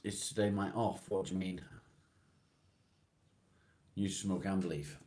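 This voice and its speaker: Deep-voiced man chatting with viewers. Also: moderate pace, dark tone. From England. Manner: laid-back, calls viewers mate, answers comments one by one. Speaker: livestream host. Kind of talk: casual live chat reading out comments.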